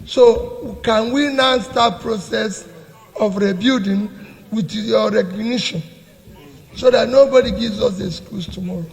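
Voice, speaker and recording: Man, meeting speaker, deliberate delivery, slow pace, long hall reverb. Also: high voice, gravelly. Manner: deliberate, repeats words while gathering his thoughts. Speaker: party leader addressing a meeting. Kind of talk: public address.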